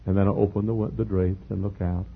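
Raspy older preacher, folksy sermon. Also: male voice, low voice, flat delivery, brisk. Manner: folksy storytelling, earnest. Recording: tinny phone-like sound.

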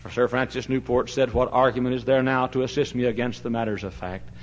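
A man, a pastor, preaching a fiery sermon in a church, shouting one moment and dropping to a hush the next. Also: medium pitch, fairly even intonation, fast. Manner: fiery preaching, swings from shouts to hushed tones. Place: church sanctuary. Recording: dull lo-fi recording.

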